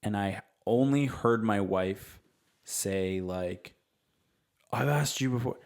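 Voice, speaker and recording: A man co-hosting a casual parenting podcast, an animated storyteller who acts out family scenes. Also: fairly low pitch, slow. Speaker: podcast co-host and father.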